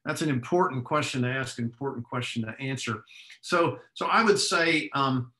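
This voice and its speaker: A man's voice: medium pitch, moderate pace, bright, forceful tone. A man with a Texas accent, speaking as a guest professor in a conversational interview. He reasons aloud thoughtfully and often restarts his phrases. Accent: Texan. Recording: echoey room.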